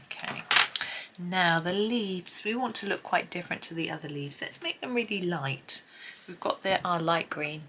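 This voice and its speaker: A woman hosting a colouring tutorial, chatting as she works and often dropping to a soft near-whisper. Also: lowish voice, moderate pace, a little hiss or hum. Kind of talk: relaxed colouring tutorial narration.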